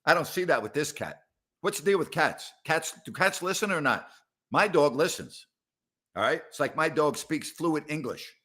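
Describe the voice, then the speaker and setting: A man's voice: a little high, lively intonation, moderate pace, pushed and bright. A middle-aged man hosting a live sports talk show from a house, rambling and sarcastic, exasperated as he talks back to his audience. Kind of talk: live call-in show chat. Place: house, indoors.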